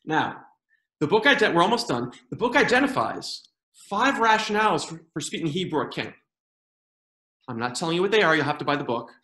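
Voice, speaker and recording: A man performing a stand-up comedy routine, with lively delivery and funny voices for quoted people. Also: on the high side, brisk. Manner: animated joke-telling with funny put-on quoted voices. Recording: roomy echo.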